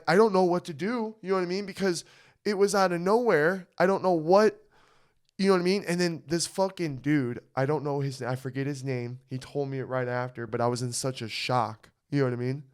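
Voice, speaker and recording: Animated, swearing man telling a story. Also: fairly high pitch, a little fast, clean tone. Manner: animated, swearing, frequent "you know what I mean". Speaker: podcast co-host. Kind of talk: casual storytelling chat.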